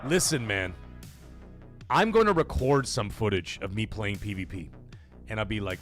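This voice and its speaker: A man hosting a gaming livestream, loudly shouting out chat donations and swearing casually. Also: lowish voice, animated, normal speed, pauses often, soft background music. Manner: loud, hyped shout-outs reading chat donations. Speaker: livestream host. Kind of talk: energetic live stream chat.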